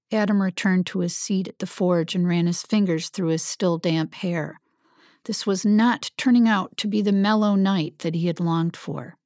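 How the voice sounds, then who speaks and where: A woman narrating an audiobook in an even, descriptive reading. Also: on the low side, moderate pace, no echo, studio quality.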